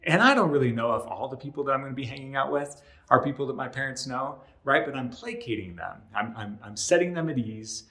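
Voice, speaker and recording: A man's voice: medium pitch, expressive, a little fast, hardly any pauses, bright, forceful tone. A male relationship counselor explaining to camera in a conversational way, often checking in with "right?" and acting out short example lines. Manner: acts out short example lines in other voices. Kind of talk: educational talk to camera.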